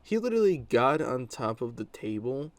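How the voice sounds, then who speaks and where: A man's voice: medium pitch, big pitch swings, moderate pace, no echo. A young adult man telling a story from his school days in a casual, blunt monologue, with many fillers and crude words.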